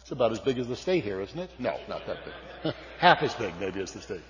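A man's voice: on the low side, sing-song, brisk, fairly bright tone. Older man telling stories in a reverberant hall. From California. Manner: folksy, self-deprecating, many fillers and restarts. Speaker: speaker. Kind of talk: storytelling speech. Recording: dull sound with long hall reverb.

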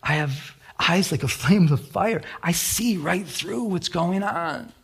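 A middle-aged man, a pastor, preaching a sermon in church with animated storytelling and acted-out quotes. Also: high voice, slow, vocal fry, slightly rough. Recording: radio broadcast of a sermon.

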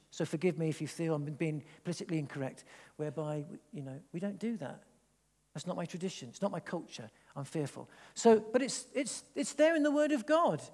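A man from England, preaching a sermon in a church, animated and rambling with frequent restarts. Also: high-pitched, in a large hall. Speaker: pastor. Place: church hall.

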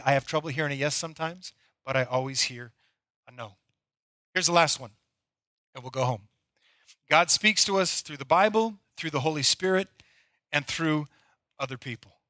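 Bright, high-voiced man preaching a sermon. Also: moderate pace, long pauses, no echo. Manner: storytelling, animated. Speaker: pastor.

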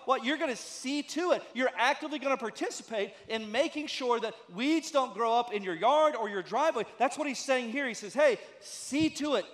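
A large hall's lingering reverb colors the recording as a man with a very high, fairly bright voice preaches. He's a pastor, speaking conversationally but with emphasis and posing many rhetorical questions.

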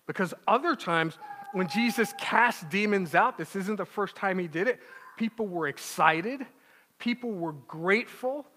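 A man with a high, bright, forceful voice preaches a sermon, emphatic and punchy, tossing out rhetorical "right?" checks and slowing down to lean on key words. His voice rings out with the long reverb of a large hall. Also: slight background noise. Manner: emphatic, rhetorical "right?" asides, slows for stress. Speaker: pastor.

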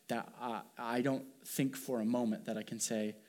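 A man's voice: mid-range voice, fairly even intonation, normal speed, few pauses, darkish tone. A man preaching a sermon as pastor, talking in an earnest, conversational way with fillers and restarts.

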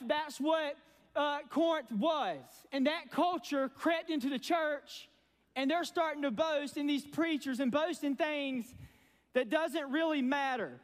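A man preaching a sermon as pastor, folksy and energetic with sarcastic asides. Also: extremely high pitch. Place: church sanctuary. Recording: long reverb from a church hall.

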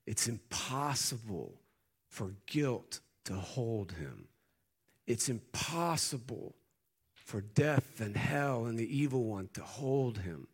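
A male pastor preaching a sermon, building to loud emphatic peaks and then dropping into quiet, easy storytelling. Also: medium pitch, big pitch swings, slow, breathy edge.

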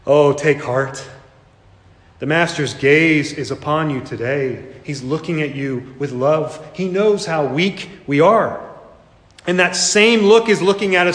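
Earnest preacher in an echoey church. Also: male voice, on the high side. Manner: earnest, with dramatic slow emphasis and repetition. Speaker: pastor. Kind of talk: sermon. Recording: echoey hall reverb.

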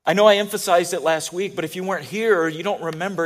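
A male pastor giving a sermon, telling stories animatedly and swinging from loud passages to hushed ones. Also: high voice, fast, few pauses.

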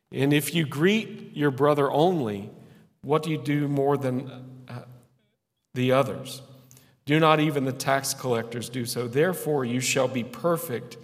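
A man preaches a sermon in a church sanctuary, earnest and folksy, pausing between phrases and laughing at himself. His voice sits in an ordinary middle register. The sound carries the long reverb of a large hall. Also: mid-range voice.

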